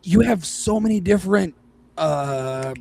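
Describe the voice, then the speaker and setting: A man's voice: sits high, lively intonation, measured pace, creaky, warm tone. A man co-hosting a casual talk show, ranting and swearing freely while he mocks other people's voices. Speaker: podcast co-host. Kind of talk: casual profane chat.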